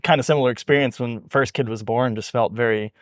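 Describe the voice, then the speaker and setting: A man's voice: medium pitch, fairly even intonation, fast talker, dry recording, studio quality. A man hosting a podcast interview, asking and relating in a hesitant, thoughtful way. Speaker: podcast host.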